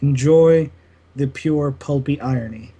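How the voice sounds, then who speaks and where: A man's voice: medium pitch, measured pace, mellow, husky, muffled recording. A young man co-hosting a casual gaming podcast, sarcastic and teasing, laughing often. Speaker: podcast co-host.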